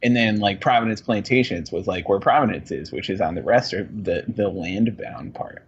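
A man with a low, husky voice chats on a podcast over muffled, lo-fi audio. He wanders through his answers, hedges a lot, and pokes fun at himself. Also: moderate pace. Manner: rambling, hedging, self-deprecating. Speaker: podcast co-host. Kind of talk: casual podcast chat.

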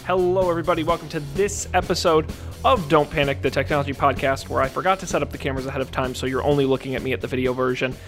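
A man hosts a casual tech podcast. His voice sits a little high for a man. He rattles off show plugs quickly and teases his co-hosts. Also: steady tone, a bit bright, soft background music. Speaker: podcast host.

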